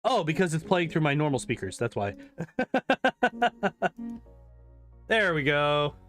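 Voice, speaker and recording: A man's voice: a little high, very animated, brisk, fairly bright tone, soft background music. Rambling, profane man chatting while gaming. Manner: rambling, profane, laughs often. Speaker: gaming streamer. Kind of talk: casual chat while playing.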